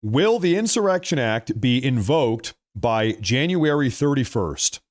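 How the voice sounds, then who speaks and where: A man's voice: medium pitch, very animated, measured pace, dry recording, studio quality. Emphatic man hosting a live stream. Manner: emphatic, repeats himself for effect; addresses viewers as folks. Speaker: livestream political commentary host. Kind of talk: partisan live commentary.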